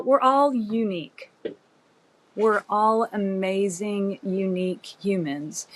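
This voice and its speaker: A woman in her fifties, a doctor and podcast guest, speaking in a measured, reflective way with frequent pauses and fillers. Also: medium pitch. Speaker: OB-GYN guest. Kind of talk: conversational podcast interview.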